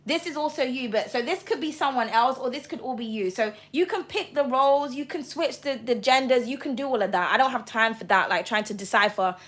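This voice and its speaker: A woman's voice: high-pitched, a little fast, few pauses, a bit bright. A woman giving a tarot reading to camera, talking passionately and bluntly, with frequent swearing. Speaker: tarot reader.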